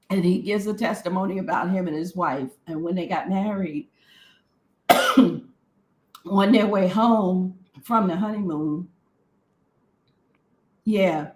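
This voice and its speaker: A woman's voice: medium pitch, reverberant, rough recording. A woman co-hosting a podcast in casual chat, telling stories and acting out the people she quotes. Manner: storytelling, acts out quoted voices with laughter. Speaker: podcast co-host.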